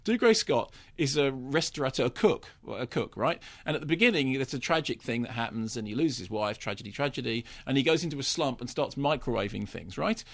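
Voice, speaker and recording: A man's voice: mid-range voice, lively intonation, brisk, gravelly, few pauses, fairly bright tone. A man giving a ranting, mock-indignant film review in casual radio studio chat. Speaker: film critic.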